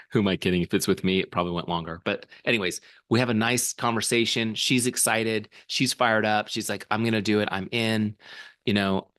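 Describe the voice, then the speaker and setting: A man leading a live sales training demo on a video call, energetic and coaching, often checking the listeners follow along. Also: fairly low pitch, a little fast, no room sound. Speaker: software founder training a sales team.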